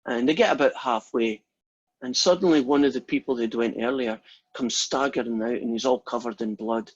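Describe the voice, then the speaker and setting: A man's voice: mid-range voice, normal speed, slightly rough, highs cut off. A Scottish man lecturing a class in a chatty way, telling long jokes. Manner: chatty, storytelling, self-deprecating. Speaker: math lecturer. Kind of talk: casual lecture chat with jokes.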